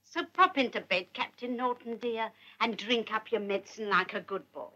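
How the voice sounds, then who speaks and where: A woman's voice: fairly high pitch, normal speed, sharp tone, dull audio. A woman playing a fussy, doting old nanny in a 1950s British film, scolding grown men in baby talk. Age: older. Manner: baby-talking, scolding like to a child.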